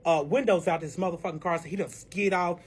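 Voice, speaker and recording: High-voiced husky man telling a story. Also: quick pace. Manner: profane, animated, emphatic retelling. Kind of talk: casual storytime monologue.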